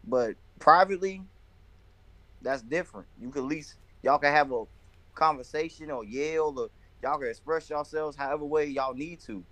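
A young man talks in a bright, forceful voice on a loose friends' chat, animated and full of filler words and swearing. His voice sits a little high for a man. The recording is close and dry. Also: normal speed, no room sound. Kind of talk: casual chat among friends.

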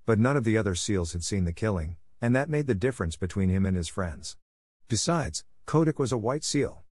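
Low-voiced man reading a storybook. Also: animated, a little mellow, no echo, studio quality. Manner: measured, clear reading for listeners learning English. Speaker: audiobook reader. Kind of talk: scripted storybook narration.

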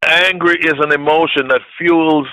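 A man's voice: fairly high pitch, fairly even intonation, normal speed, no echo, poor audio. A man preaching a sermon with impassioned, emphatic delivery and repeated phrases. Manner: impassioned, rising to shouted peaks.

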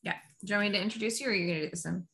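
A woman's voice: mid-range voice, rapid-fire, gravelly, sharp tone. A woman, a podcast producer and business coach, chatting easily and playfully, then reading a podcast intro. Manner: easygoing, playful.

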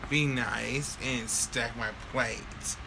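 A young man in casual chat telling a heated story, animated and profane. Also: mid-range voice, very slow, creaky. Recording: noticeable background noise.

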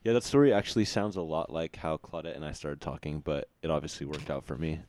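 Deep-voiced man, relaxed podcast guest. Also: quick pace. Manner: easygoing, laughs often, chimes in with short replies. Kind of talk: casual podcast chat.

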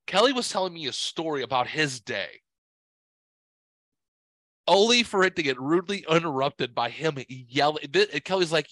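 A man hosting a podcast, telling a story in a casual, profane, animated way and acting out what others said. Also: fairly high pitch, moderate pace, no echo. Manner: profane, animated, quotes people in voices. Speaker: podcast host.

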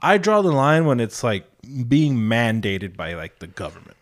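A man hosts a casual podcast, talking bluntly and swearing freely. His voice sits at an ordinary middle pitch but leaps up and down with lively energy. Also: moderate pace. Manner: profane, blunt and animated. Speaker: podcast host.

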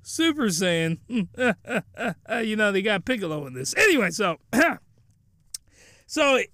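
A man with a very high, bright voice, rambling through a comedic anime recap and getting loudly incredulous. The recording is dry and close, with no room sound. He jokes constantly and digresses. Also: very animated, slow pace, no room sound. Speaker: anime reviewer.

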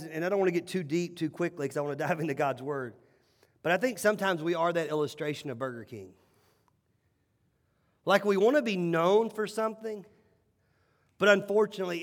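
A man with a high voice preaches a sermon, telling stories with animated emphasis and circling back on his key phrases. His words ring out with a long hall reverb, as if in a church sanctuary. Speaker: pastor.

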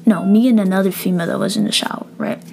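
A young woman tells a story in a loose, profane way, acting out the dialogue and sometimes slipping into a whisper. Her pitch sits in the middle. Faint music plays behind her. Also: very fast, creaky. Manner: animated and profane, acts out dialogue, drops into whispers. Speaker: vlogger. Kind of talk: casual storytelling.

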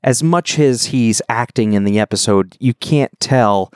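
A man co-hosting a podcast in relaxed, joking casual chat. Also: medium pitch, unhurried, smooth, no echo, clean studio sound. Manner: joking, rambling. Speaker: podcast co-host.

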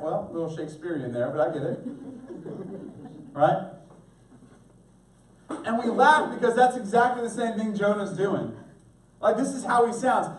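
A man preaching a sermon as pastor, animated, acting out voices for humor. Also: sits high. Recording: echoey room, voice from a distance.

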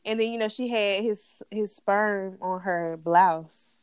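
A woman's voice: mid-range voice, slow pace, clear, resonant tone. A woman co-hosting a casual TV recap chat, blunt and profane as she rants about the show. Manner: blunt, profane, animated ranting. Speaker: podcast co-host.

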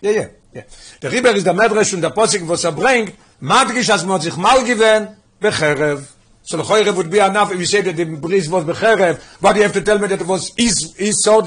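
A husky man teaching a Torah lesson at a quick clip. His voice sits fairly high for a man. He mixes English with Hebrew and Yiddish terms and keeps firing questions at his listeners. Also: animated, fairly bright tone. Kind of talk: Talmudic lesson explaining Midrash.

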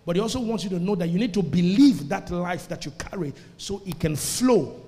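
A man's voice: sits high, brisk, warm tone. A man preaching a sermon to a congregation, emphatic and calling for responses. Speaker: pastor. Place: church service before a congregation. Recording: echoey church hall.

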